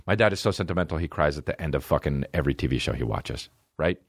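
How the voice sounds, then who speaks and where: Profane, lively-voiced male comedian telling stories. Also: extremely low pitch, fast talker, breathy edge, no echo, studio quality. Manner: profane, animated storyteller. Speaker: comedian and podcast host. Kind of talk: casual comedic storytelling.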